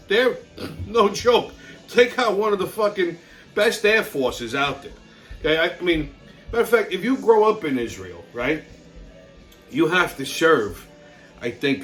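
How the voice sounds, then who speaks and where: A man from New York rants bluntly on his own channel, swearing constantly and stumbling over repeated restarts. His voice sits high and swings widely in pitch. It has a bright, tense edge, and faint music plays underneath. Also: animated, normal speed. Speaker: channel host. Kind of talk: profane ranting commentary.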